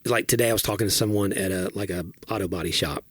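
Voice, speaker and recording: A man's voice: deep voice, slightly rough, no echo, studio quality. A man co-hosting a podcast from the American South, chatting in an easygoing, joking way. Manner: easygoing, chatty, quick to joke. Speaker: podcast co-host. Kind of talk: casual podcast chat.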